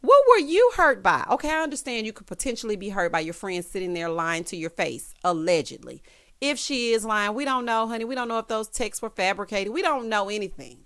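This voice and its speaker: A woman giving casual, sassy commentary in a reality TV recap, calling everyone honey and child and swooping her voice up for emphasis. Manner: animated swoops in pitch for emphasis.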